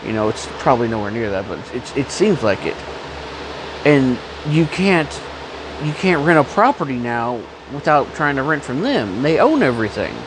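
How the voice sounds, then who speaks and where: Man vlogger, coughing, rambling and blunt, casual profane talk over steady background noise with traffic. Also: medium pitch, normal speed. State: has a cough.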